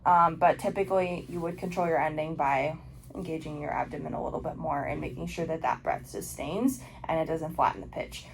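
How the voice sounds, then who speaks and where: A woman's voice: sits low, steady tone, fairly quick, vocal fry, crowd noise, poor audio. Young woman casually teaching oboe technique. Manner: casual explaining with frequent ums and likes. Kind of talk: instructional video lesson.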